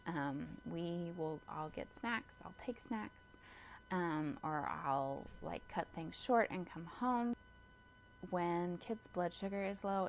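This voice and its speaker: A woman's voice: fairly low pitch, vocal fry, slight background noise. A woman in her thirties, a mother of many, chatting casually in a Q&A, full of ums and little laughs. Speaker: vlogger and homeschooling mother. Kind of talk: casual Q&A chat.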